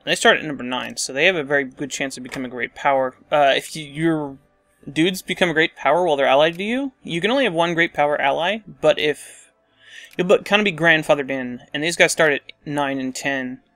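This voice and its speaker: A man's voice: on the high side, fairly quick, fairly bright tone, dry recording. A man casually commenting on a strategy game as he plays, thinking aloud and muttering asides to himself. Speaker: let's play host.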